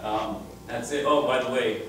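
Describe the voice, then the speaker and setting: A man's voice: mid-range voice, moderate pace. A middle-aged man casually telling rambling, chuckling stories with many restarts, speaking to a crowd at a reunion. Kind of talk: casual storytelling speech to a crowd. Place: reunion gathering in a room. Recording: very echoey, distant, noisy room.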